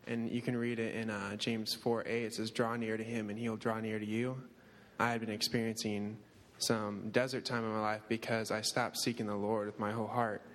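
A young man gives an earnest personal testimony in a steady, slightly hesitant way. His voice is low and quite flat in melody. It rings out in a reverberant hall. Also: moderate pace. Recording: echoey hall.

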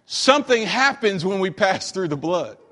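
High-voiced man preaching in a reverberant hall. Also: big pitch swings, pushed and bright. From Western North Carolina, USA. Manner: emphatic preaching, slows for scripture, joking asides. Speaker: pastor. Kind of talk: sermon.

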